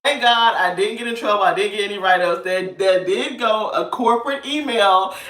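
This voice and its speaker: A woman in her thirties telling a story in a casual vlog, animated and laughing often while she talks. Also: medium pitch, normal speed. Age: 30s. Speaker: vlogger. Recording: roomy sound from a distance.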